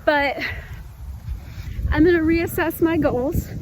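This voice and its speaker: Breathless high-voiced woman in her fifties. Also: slow, background noise. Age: 50s. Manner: chatty and earnest, addresses viewers as y'all. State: out of breath after a run. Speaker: fitness vlogger. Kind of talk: casual heartfelt talk to camera.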